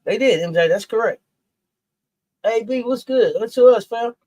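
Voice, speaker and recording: A man's voice: extremely high pitch, lively intonation, normal speed, darkish tone, dry recording. A man hosting a basketball talk show in loose, joking banter full of slang. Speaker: podcast host. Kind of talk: casual sports talk.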